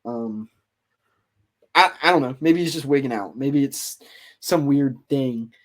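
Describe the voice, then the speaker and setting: A man's voice: mid-range voice, measured pace. A man hosting a podcast, casually telling a story in a loose, rambling way full of fillers. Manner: rambling, filler-heavy retelling. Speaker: podcast host.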